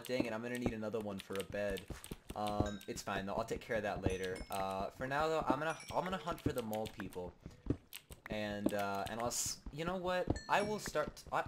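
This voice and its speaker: A man giving goofy, rambling, mock-dramatic commentary while playing a video game, with sudden bursts of shouting. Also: on the low side. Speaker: gaming video host. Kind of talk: comedic Let's Play commentary. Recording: noisy home recording with keyboard clicks.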